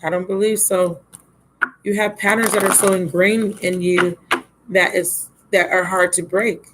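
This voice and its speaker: A woman's voice: fairly low pitch, steady tone, a little slow, noisy background. Drained, blunt woman reading tarot live. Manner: casual and blunt, calls listeners baby and my love. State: drained and yawning. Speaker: tarot reader.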